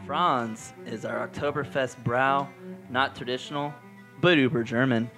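A man's voice: mid-range voice, fairly even intonation, measured pace, fairly bright tone. Man reading a beer promo over faint music. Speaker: podcast co-host.

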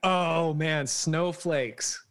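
A man's voice: a little high, drawn-out words, a bit bright. A man co-hosting a podcast, chatting loosely with profane, laughing banter. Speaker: podcast co-host. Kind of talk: casual podcast chat.

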